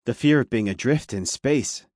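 A man reading a story aloud as an audiobook narrator, steady and measured. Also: mid-range voice, dry recording, studio quality. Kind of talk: scripted narration.

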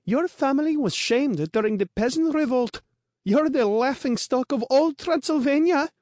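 A man's voice: high voice, animated, moderate pace, a little mellow, dry recording, studio quality, voice pushed up. A man putting on a sneering, spiteful noble girl. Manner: sneering, mocking.

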